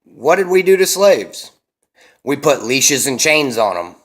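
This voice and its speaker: A young man and parent delivering a heated, emphatic monologue, cursing often and slowing down to hammer his points. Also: mid-range voice, big pitch swings. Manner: intense, emphatic, heavy cursing, slows to hammer key words. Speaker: vlogger and parent.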